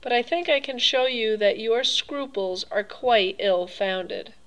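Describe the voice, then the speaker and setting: An urbane, coolly pleased old gentleman hunter voiced by a woman reading aloud, polished and mocking, with cruelty under his good manners. His pitch rises and falls with amused relish, and the talk stays smooth and measured, like an audiobook figure. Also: rough recording. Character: suave, cruel older male aristocrat hunter.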